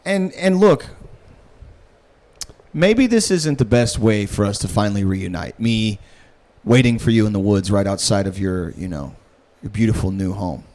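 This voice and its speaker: A man in an improvised comedy bit, sliding into a low, creepy murmur as he spins a menacing monologue. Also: moderate pace, a little mellow. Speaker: podcast co-host.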